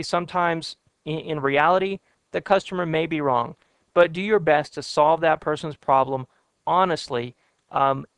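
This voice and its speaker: A man teaching workplace communication in a relaxed, conversational lecture, with plenty of fillers and advice. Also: on the high side, vocal fry, clear, resonant tone, no echo. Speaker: instructor. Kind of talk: soft skills lecture.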